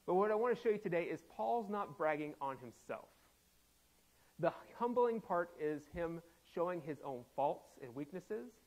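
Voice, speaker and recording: A man's voice: high-pitched, expressive, moderate pace, lo-fi sound. A man preaching a sermon as pastor, laughing often and acting out quoted voices playfully. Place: church sanctuary.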